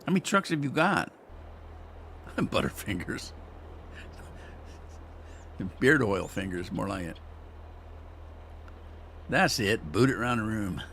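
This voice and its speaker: A man's voice: fairly low pitch, big pitch swings, slow, pauses often, a bit bright, slight background noise. A man chatting casually as he plays a farming game on a live stream, rambling and teasing himself as he goes. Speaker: gaming streamer. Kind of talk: casual gameplay commentary.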